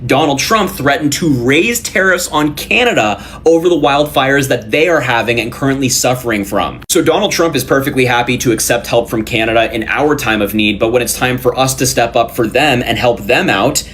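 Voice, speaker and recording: Indignant male commentator, faint rumble. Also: brisk, few pauses, a bit bright. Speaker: political commentator. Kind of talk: political commentary.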